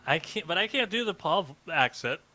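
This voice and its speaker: A man's voice: a little high, expressive, fairly quick, sharp tone, no echo. A man co-hosting a comedy live stream, telling a rambling story in casual chat with lots of fillers. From United States.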